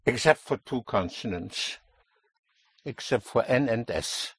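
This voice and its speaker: A man's voice: mid-range voice, expressive, unhurried, a bit bright, breathy edge, no room sound. A man teaching a language lesson, explaining a stress rule patiently and stressing key words.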